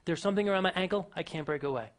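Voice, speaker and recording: A man's voice: high voice, very fast, natural voice. A man voicing a young elephant chained to a stake, resigned to staying put, in a motivational talk.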